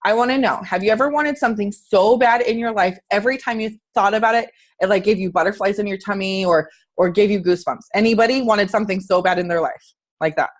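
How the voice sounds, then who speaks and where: A woman's voice: medium pitch, fast talker. Earnest, chatty woman coaching on a call. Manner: earnest, chatty, talks straight to listeners with questions. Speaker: fitness coach. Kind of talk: motivational talk on a group call.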